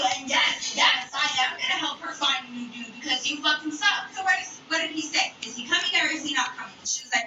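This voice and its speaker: Young woman w/ a high voice telling a wild night-out story, swears a lot, super echoey room, youtube noise in the back. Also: fairly quick, few pauses, muffled recording. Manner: profane, animated, chatty. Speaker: streamer. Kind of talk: casual storytelling. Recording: echoey room, far from mic, background noise. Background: video playing in the background.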